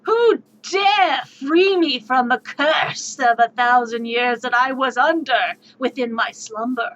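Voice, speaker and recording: A woman voicing an ancient, menacing male dragon in a slow, gloating delivery, on dull lo-fi stream audio. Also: high-pitched, a bit bright.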